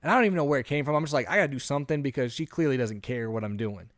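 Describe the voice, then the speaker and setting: A man in his thirties, a podcast co-host telling an animated story in a casual chat, often acting out what he said. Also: mid-range voice, very fast, no echo, clean studio sound.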